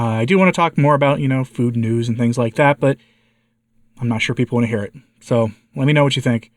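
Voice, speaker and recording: A man's voice: mid-range voice, dry recording, clean studio sound. Congested man vlogging a personal update. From United States. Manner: candid, frustrated, asking viewers for advice. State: congested, slightly hoarse. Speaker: vlogger, channel host. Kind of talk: casual personal update to viewers.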